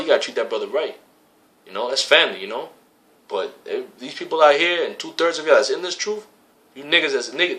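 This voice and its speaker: Loose, slangy street preaching comes from a religious camp member with a mid-range, bright, forceful voice. He quotes scripture, curses freely, and leans on repeated phrases for emphasis.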